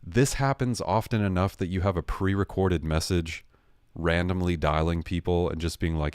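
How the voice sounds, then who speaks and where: Speaking at normal speed, the livestream host has a low, smooth, slightly mellow voice. His casual rant tells a story with jokes and sarcasm, and he keeps correcting himself. The recording is dry and studio quality.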